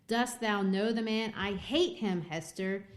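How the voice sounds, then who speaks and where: A woman's voice: mid-range voice, a little slow, lightly acted. A woman voicing an anguished male minister who pleads urgently in old-fashioned speech. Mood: pleading.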